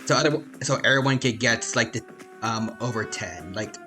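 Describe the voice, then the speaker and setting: This is casual gameplay commentary from a man streaming a turn-based game, with game music in the background. He speaks at normal speed in a pushed, bright, medium-pitched voice, talking himself through each move with many fillers and restarts.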